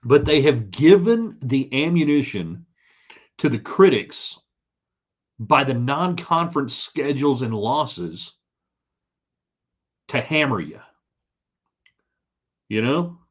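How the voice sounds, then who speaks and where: A man's voice: mid-range voice, sing-song, slow pace, long pauses, breathy edge. A man hosting a live sports stream, giving chatty, opinionated commentary that rambles with restarts. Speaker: sports podcast host. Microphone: streaming setup mic. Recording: slightly dull lo-fi stream audio.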